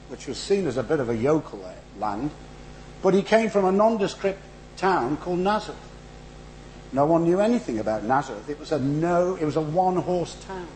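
A middle-aged man with a northern English accent preaches in church, his fairly high voice swooping animatedly. He keeps a conversational, wry tone with asides. Then he builds to emphatic, rhythmic runs, and a faint hum sits behind him. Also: rough recording. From northern England. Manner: animated, rising to emphatic rhetorical build-ups. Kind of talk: sermon.

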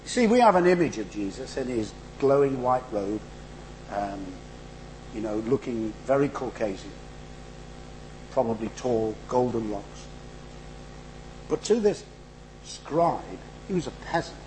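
A man's voice: medium pitch, measured pace, long pauses, a little hiss or hum, poor audio. A middle-aged man with a northern English accent preaching a sermon in church, conversational and humorous, building to emphatic rhetorical runs. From northern England. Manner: animated, rising to emphatic rhetorical build-ups; conversational, with asides and humour.

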